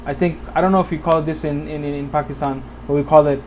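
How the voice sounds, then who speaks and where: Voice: medium pitch, fairly even intonation, quick pace, a little mellow, slight background noise. A teacher from Bangladesh giving a whiteboard lesson on Quran pronunciation, patiently repeating examples and often checking in with the listener. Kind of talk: whiteboard tutorial.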